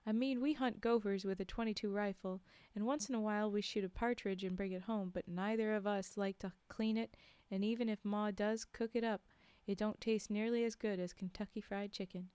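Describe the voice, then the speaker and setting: A woman's voice: medium pitch, fairly even intonation, fairly quick, hardly any pauses, smooth, dry recording, natural voice. A woman reading aloud and voicing an eager American tourist hunter with an attempted Alabama drawl. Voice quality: loud, folksy, ungrammatical.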